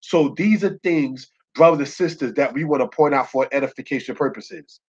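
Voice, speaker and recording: A man teaching a Bible lesson in a preacherly way, often checking with his listeners and slowing down to spell out Hebrew words. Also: a little high, darkish tone, breathy edge. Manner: preacherly, keeps asking "You understand?". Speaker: Torah teacher. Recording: muffled lo-fi recording.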